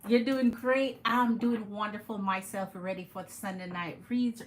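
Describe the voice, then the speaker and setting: A woman's voice: mid-range voice, steady tone, moderate pace, hardly any pauses, a little hiss or hum, rough recording. A woman with a Jamaican accent hosting a live tarot stream, chatting with her viewers and greeting them by name.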